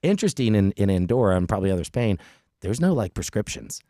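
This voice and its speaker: Chatty middle-aged man, low voice. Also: fast talker, no room sound, studio quality. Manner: animated, chatty, frequent restarts. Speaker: podcast host. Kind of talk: casual storytelling chat.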